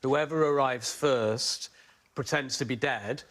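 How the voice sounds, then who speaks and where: A man's voice: mid-range voice, slow pace, a bit bright. A man guest on a comedy panel show, telling an anecdote in a mild, hesitant way. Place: TV studio before a live audience.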